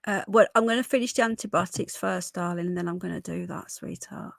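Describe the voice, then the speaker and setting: A hoarse woman in her early forties talks casually to her livestream viewers, her voice gravelly and full of fry. She sounds dry and close, with no room around her, and keeps calling people love and darling. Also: fairly low pitch, fast, a bit bright, no room sound. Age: 40s. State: hoarse from illness. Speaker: livestream host. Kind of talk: casual live chat.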